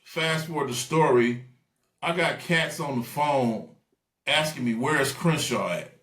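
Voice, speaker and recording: A man telling stories in a casual interview, animated and acting out the voices of people he quotes. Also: medium pitch, measured pace, echoey room. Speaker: guest.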